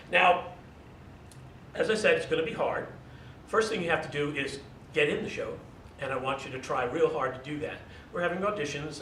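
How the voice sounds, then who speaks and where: Guy welcoming young performers, pushy but upbeat, a bit far from the mic. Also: a bit bright. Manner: encouraging but demanding. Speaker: theater director. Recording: roomy, distant mic, faint rumble.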